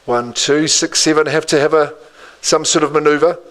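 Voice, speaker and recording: A man working as an auctioneer, calling bids in a rhythmic patter, repeating the figures with quick asides to the room. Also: on the high side, steady tone, fairly bright tone, poor audio.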